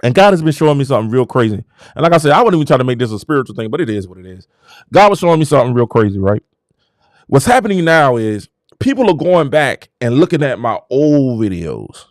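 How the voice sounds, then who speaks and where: A man's voice: mid-range voice, sing-song, fast talker, no room sound, clean studio sound. A man hosting his own show, talking in a casual motivational monologue that turns preachy and exclamatory as he hypes himself up. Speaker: show host.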